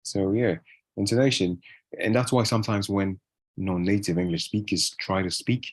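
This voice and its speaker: Low husky man, casual rambling talk. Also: moderate pace. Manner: relaxed, rambling, many fillers and restarts. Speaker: guest English speaker. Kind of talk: casual conversational interview.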